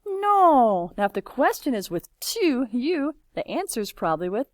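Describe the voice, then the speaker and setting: A woman's voice: a little high, sing-song, no room sound, studio quality. A woman teaching a French lesson, patiently walking a class through examples while typing and encouraging answers. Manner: patient, encouraging, slow and drawn-out.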